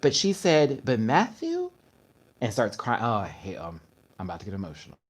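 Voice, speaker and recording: A man's voice: fairly low pitch, quick pace, a little hiss or hum. A man hosting a casual livestream, telling stories with energy and acting out other people's words. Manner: animated storytelling, acting out his mother's words. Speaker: host.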